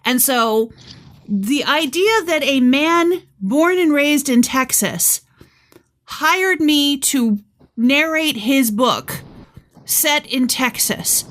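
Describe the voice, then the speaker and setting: A woman's voice: sits high, fairly bright tone. A woman from upstate New York with a light upstate New York accent, co-hosting a podcast and telling stories wryly in casual chat. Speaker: podcast co-host and audiobook narrator.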